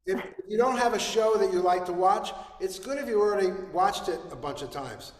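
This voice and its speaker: A man's voice: high-pitched, animated, fairly quick. A man coaching a student in a music webinar, direct and playful. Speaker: music teacher. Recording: echoey room with long reverb.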